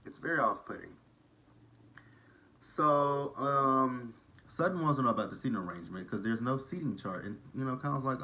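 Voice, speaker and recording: A man's voice: mid-range voice, lively intonation, moderate pace, pushed and bright. A man from Texas with a southern drawl, gossiping casually as he recaps a reality show. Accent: Texan. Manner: chatty, gossipy, shady asides.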